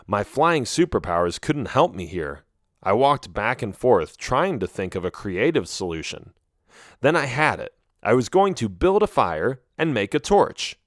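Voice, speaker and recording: A man reading a first-person children's animal story aloud with an expressive, animated delivery. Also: medium pitch, no room sound, studio quality. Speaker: audiobook narrator.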